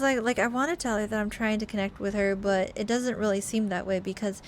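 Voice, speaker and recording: A woman's voice: medium pitch, steady tone, fairly quick, slight background noise. A woman commenting casually on a story game in a chatty, rambling way. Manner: chatty, rambling with filler words. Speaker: gamer. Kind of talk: let's-play commentary.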